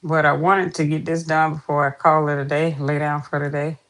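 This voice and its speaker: A woman's voice: low voice, little pitch movement, fairly quick, fairly bright tone. A woman hosting a casual live stream, chatty and greeting viewers over and over. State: out of breath.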